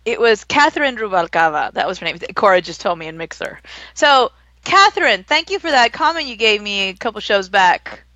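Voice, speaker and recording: A woman's voice: medium pitch, very animated, fairly quick, sharp tone, no room sound, highs cut off. A woman with a Texan accent co-hosting a casual live show, laughing a lot as she talks. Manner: giggly, laughs often. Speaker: co-host. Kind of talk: casual livestream chat.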